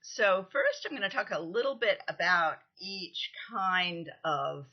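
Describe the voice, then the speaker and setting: Husky-voiced woman lecturing. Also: on the low side, sing-song, unhurried. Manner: explanatory, counts out stresses, frequent ums. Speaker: literature lecturer. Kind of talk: recorded lecture. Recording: dull lo-fi lecture recording.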